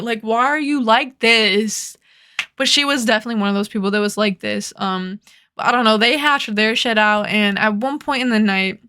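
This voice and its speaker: Young adult woman vlogger; chatty, rambling, sweary storyteller, pitched a little high. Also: pushed and bright. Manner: rambling, profane, heavy "like" filler. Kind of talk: casual storytime chat.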